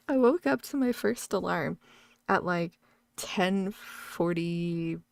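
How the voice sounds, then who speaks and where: A woman's voice: lowish voice, animated, drawn-out words, gravelly, no echo. A woman streamer chatting casually while gaming, rambling, laughing often and swearing freely.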